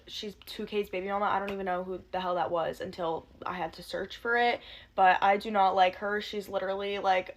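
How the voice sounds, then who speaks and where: Young woman spilling tea, quick sarcastic and kinda foul-mouthed. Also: medium pitch, slight background noise. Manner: fast, sarcastic, swears a lot. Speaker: commentary youtuber. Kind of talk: casual gossip commentary.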